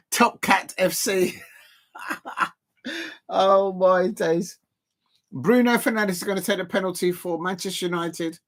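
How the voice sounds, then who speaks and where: A man's voice: high-pitched, fairly even intonation, normal speed, a bit bright. Man, live football reaction streamer, chatty, laughs often, greets viewers. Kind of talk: live match reaction commentary.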